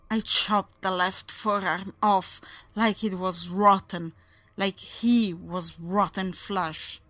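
A woman narrating a first-person horror story in a measured, unhurried way. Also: mid-range voice, fairly bright tone, no echo.

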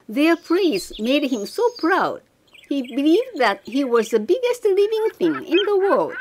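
Slow, lively woman reading a storybook. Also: sits high, a little hiss or hum. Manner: slow, expressive read-aloud. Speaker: narrator. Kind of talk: storybook narration.

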